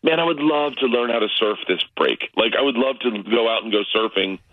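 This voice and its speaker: A man's voice: brisk, dry recording. Laughing storyteller man on a dull line. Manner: loose, laughing storyteller, big pitch jumps when excited. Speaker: comedian guest. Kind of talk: casual radio interview by phone. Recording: muffled lo-fi line.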